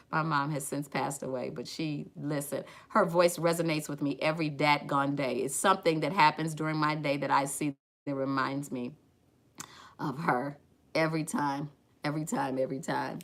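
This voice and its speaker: A woman's voice: low voice, moderate pace, a bit bright. Chatty woman doing a makeup tutorial. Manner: chatty, addresses viewers as y'all and ladies. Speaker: makeup brand owner streaming a tutorial. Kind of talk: casual live makeup tutorial.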